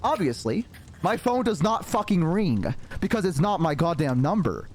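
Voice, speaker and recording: A man's voice: on the high side, sing-song, normal speed, darkish tone. A man streamer telling a story in a casual way, rambling with lots of fillers and some swearing.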